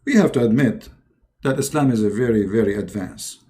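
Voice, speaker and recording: A man giving sardonic commentary, halting and stumbling with frequent fillers between sketches. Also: lowish voice, lively intonation, dark tone. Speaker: religious commentator.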